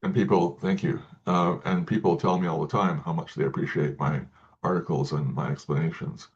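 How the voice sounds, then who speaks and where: A man speaking as an interview guest, talking in halting sentences with many restarts and repeated words. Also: sits low, steady tone, darkish tone, lo-fi sound, a little hiss or hum. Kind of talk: casual interview talk.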